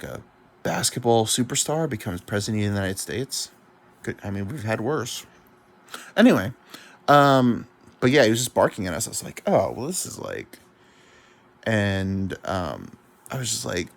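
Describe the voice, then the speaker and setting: Young male comedy podcast host; loose, profane, self-deprecating storyteller with wildly swinging intonation. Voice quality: swearing, rambling, self-mocking. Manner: swoops in pitch, drops to mumbles.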